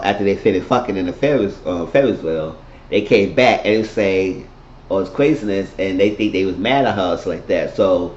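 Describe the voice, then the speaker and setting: A man's voice: fairly low pitch, a little mellow. A man giving a casual, rambling, profane recap of a TV episode. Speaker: TV recap vlogger. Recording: roomy lo-fi home recording.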